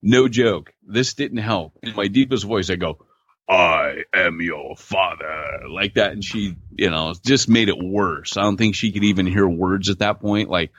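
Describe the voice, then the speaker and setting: A man's voice: on the low side, normal speed, few pauses, slightly rough, no echo. A man co-hosting a podcast, telling stories in casual chat with laid-back slang over a remote call mic. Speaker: podcast co-host. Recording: dull lo-fi dry audio.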